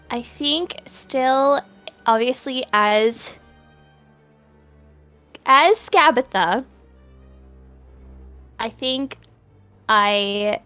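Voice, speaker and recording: A woman playing in a tabletop game, talking things through in a relaxed, hesitant way. Her voice is bright and a little high, unhurried, with faint music behind. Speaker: player. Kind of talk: casual tabletop play.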